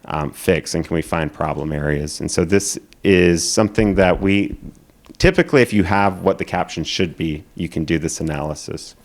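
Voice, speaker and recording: A man's voice: low voice, normal speed. A man giving a conference presentation, explaining steadily in a casual way with frequent filler words. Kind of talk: presentation talk.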